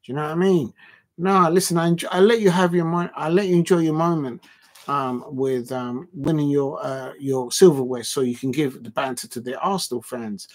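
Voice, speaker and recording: A man's voice: a little high, normal speed. A man hosting a live football watch-along, bantering with his viewers, rambling with lots of fillers and restarts, and his voice jumps up whenever he protests. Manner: animated football banter, voice jumping up when protesting. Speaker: livestream watch-along host. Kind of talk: casual livestream chat reading out viewer comments.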